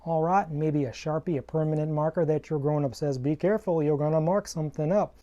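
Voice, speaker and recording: A man's voice: a little high, steady tone, fast talker, mellow, lo-fi sound, close to an everyday voice. A man putting on a put-on cowboy drawl, playing a cheerful cowboy greeting preschoolers with hearty folksy calls.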